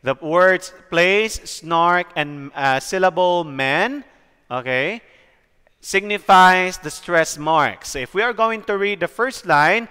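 A young man with a Cebuano Filipino accent giving a recorded lecture to his students, explaining slowly and often checking in with "okay?". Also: high voice, pushed and bright, clean tone, big-room sound. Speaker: teacher.

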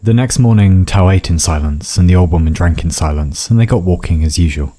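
A man reading a scripted story in a measured storytelling manner. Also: sits low, background noise. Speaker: narrator. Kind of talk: scripted narration. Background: faint music.

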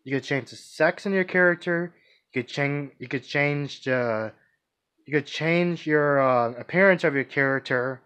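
A man's voice: on the high side, a little slow, a bit bright, clear, resonant tone. A man vlogging casually, answering viewer questions in a rambling, hesitant way with many restarts and fillers. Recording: dull lo-fi recording.

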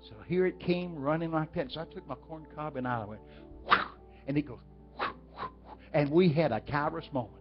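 This high-ish male voice from Texas rattles along fast with hardly any pauses, preaching in a folksy, story-driven style and putting questions to the crowd. The audio is dull and lo-fi with faint music.

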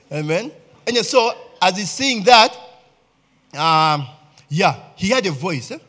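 A man preaches with a Ugandan accent, his voice a little husky and pitched on the high side. He talks to the congregation conversationally, tossing in "eh?" and "okay?" to keep them with him. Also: animated, slow pace, sharp tone. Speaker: pastor. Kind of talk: sermon.

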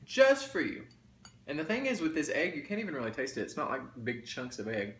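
A man's voice: medium pitch, sing-song, quick pace, fairly bright tone. A man chatting casually to viewers while eating, folksy and talkative. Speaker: mukbang vlogger. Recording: roomy echo, faint background noise.

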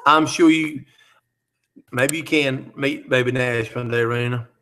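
A man's voice: medium pitch, fairly even intonation, measured pace, a bit bright. A man hosting a live chat, reading out viewer comments and teasing them in a joking, easygoing way.

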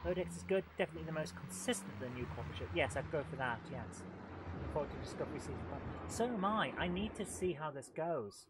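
A man's voice: fairly high pitch, lively intonation, fast talker. A man streaming a game live, chatting playfully with viewers and joking as he plays. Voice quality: playful, jokey, puts on silly voices. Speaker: let's play streamer. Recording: noisy game audio behind. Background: game sounds and gunfire.

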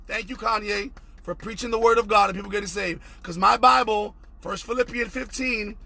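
Young male preacher, high husky voice, fervent and repetitive online sermon with shouted peaks. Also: steady tone, a little fast. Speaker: pastor.

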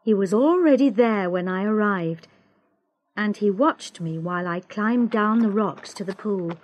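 A woman narrating a graded-reader story for English learners in a slow, clear, expressive way. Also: medium pitch. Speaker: audiobook narrator.

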